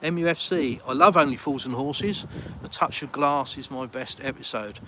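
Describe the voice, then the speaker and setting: A man's voice: mid-range voice, normal speed, low-quality recording. A middle-aged English man with an English accent, chatting casually on a livestream and reading out viewer messages. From England. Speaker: live streamer. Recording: loud street and traffic noise.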